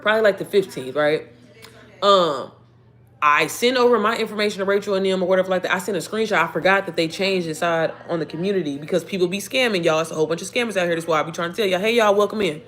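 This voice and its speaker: Fast-talking animated woman telling a story. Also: fairly low pitch. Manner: animated, profane, addresses viewers as y'all and baby. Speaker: online business coach. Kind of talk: casual storytime vlog.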